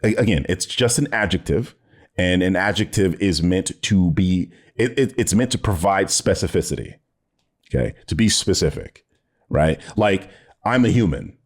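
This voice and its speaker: A man's voice: deep voice, normal speed. A man reacting to a video, sarcastic and exasperated, swearing often and laughing in disbelief. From United States. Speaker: commentary youtuber reacting to a video. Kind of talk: reaction commentary, casual and profane.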